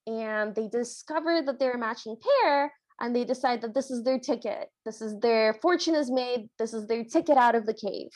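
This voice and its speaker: A woman co-hosting a podcast, recapping a film in casual chat, delighted and animated. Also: on the high side, moderate pace, hardly any pauses, no echo. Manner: animated, delighted, acts out characters' lines. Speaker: podcast co-host.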